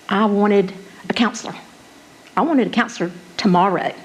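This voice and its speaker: A woman's voice: fairly high pitch, vocal fry, poor audio. A middle-aged woman giving a candid, emotional personal testimony as a conference speaker.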